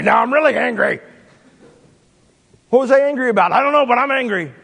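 A man preaching a sermon in an animated way, with sudden swings in pitch and pace. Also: big-room sound.

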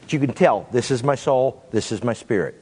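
A man preaching a sermon in an animated way, with sudden swings in pitch and pace. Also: fairly quick, breathy edge, in a large hall.

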